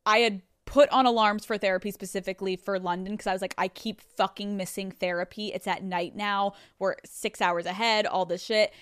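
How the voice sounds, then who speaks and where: A woman in her thirties hosting a podcast, telling a story on her own in a lively, cursing way and acting out what people said. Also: medium pitch, a little fast, few pauses, clear, resonant tone, dry recording, clean studio sound. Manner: animated, swearing, acting out quotes. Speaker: podcast host. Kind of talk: solo storytelling to listeners. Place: studio.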